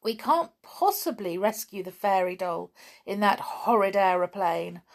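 A woman's voice: mid-range voice, animated, a little slow, vocal fry. A woman voicing a tall teddy bear crying out in despair in a children's story reading. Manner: anguished crying out.

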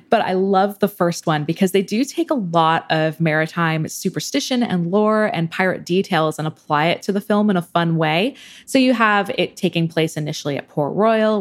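Low-voiced woman explaining pirate history. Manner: casual, fluent, frequent ums. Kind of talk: conversational expert explanation.

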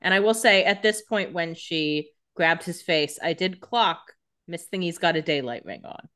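A woman with a fairly low, slightly bright voice speaks at a normal speed. She co-hosts a podcast, casually recapping a TV episode with wry jokes and laughing often.

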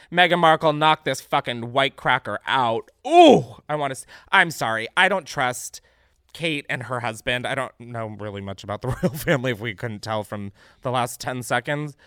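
Animated, swearing young man ranting. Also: medium pitch, clear, resonant tone, dry recording, clean studio sound. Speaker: vlogger host. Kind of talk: casual ranting monologue.

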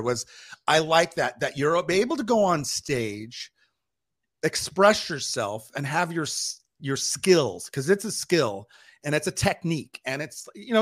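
Animated older male photographer. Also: a little high. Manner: animated, teasing storyteller. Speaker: photographer guest. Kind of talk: casual interview chat.

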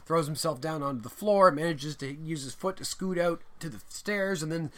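A man co-hosting a podcast, chatting casually about a movie and retelling scenes in a rambling, animated way. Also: fairly high pitch, normal speed, a little hiss or hum. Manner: rambling, animated storytelling with acted-out quotes. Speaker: podcast co-host. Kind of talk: casual movie review chat.

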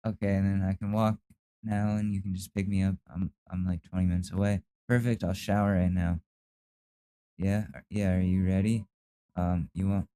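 A man's voice: sits low, steady tone, moderate pace, dark tone, smooth. A man hosting a podcast, reading chat messages aloud and reacting with incredulous, disgusted commentary and swearing. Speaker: podcast host.

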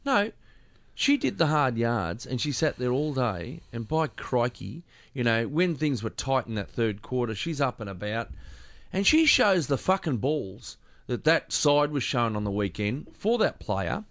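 A man's voice: mid-range voice, big pitch swings, measured pace, fairly bright tone. A middle-aged Australian man co-hosting a sports podcast, blunt and emphatic, often repeating himself in casual chat. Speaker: podcast co-host.

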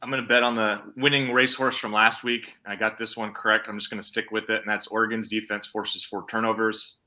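A man in a casual sports chat, talking fast and rambling with self-deprecating asides. His voice is sharp and very bright. It sits somewhat low in pitch. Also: flat delivery. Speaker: sports podcast co-host.

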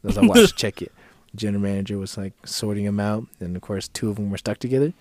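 A man's voice: lowish voice, racing, a little mellow, dry recording. A man co-hosting a podcast, telling a story in casual profane chat and acting out the people he quotes in a raised voice. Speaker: podcast co-host.

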